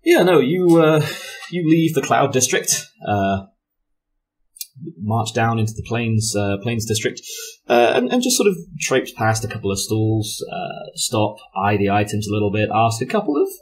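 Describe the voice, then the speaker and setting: A man's voice: medium pitch, big pitch swings, moderate pace, husky. A man running a tabletop game as game master, self-mocking and laughing often as he narrates.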